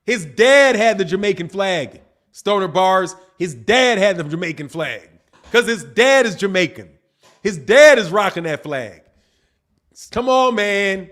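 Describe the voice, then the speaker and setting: A man with a fairly high voice hosts a casual boxing live stream, reading viewers' chat messages aloud at an unhurried pace. His reactions are loose, slangy and animated, and he laughs often while talking straight to his audience.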